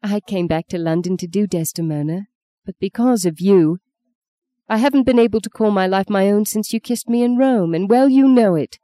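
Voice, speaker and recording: A woman's voice: mid-range voice, normal speed, dark tone, lightly acted. A woman voicing a witty, flippant young actress who banters playfully in an audiobook. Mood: candid.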